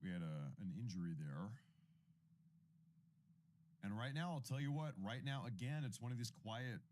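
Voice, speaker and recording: A man's voice: mid-range voice, lively intonation, moderate pace, darkish tone, slight background noise. A man in his thirties hosting a casual news livestream, rambling and often repeating himself as he reacts to clips and thanks viewers for super chats. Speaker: independent news livestream host.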